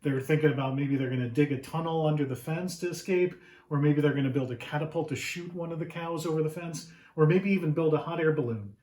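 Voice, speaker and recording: A man reading his picture book aloud to children, animated and often asking the listeners questions. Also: a little high, fast talker. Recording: roomy echo.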